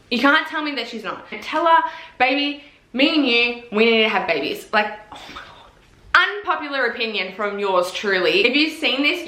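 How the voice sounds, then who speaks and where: A young woman vlogging in a casual chat, gushing and swearing a lot as she talks excitedly. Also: fairly high pitch. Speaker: vlogger reviewing TV series. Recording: echoey room.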